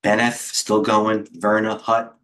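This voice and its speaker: Middle-aged male trading coach, low-pitched, loose and excitable, riffs on charts to his viewers. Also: slow. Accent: New York. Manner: rambling, excitable, chatty with viewers. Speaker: trading coach hosting a livestream. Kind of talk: casual live market commentary.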